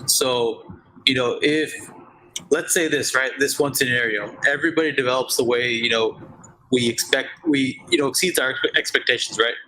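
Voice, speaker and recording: Guy on a video call w a bright voice, talks it through analytically, faint background hum. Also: medium pitch, normal speed, poor audio. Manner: analytical, checks in with "right?" often. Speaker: video chat guest. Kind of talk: casual discussion.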